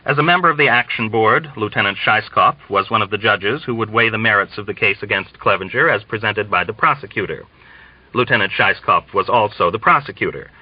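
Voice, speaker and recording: A man reading a novel aloud in measured, scripted narration. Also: fairly low pitch, no room sound, muffled recording. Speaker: audiobook reader.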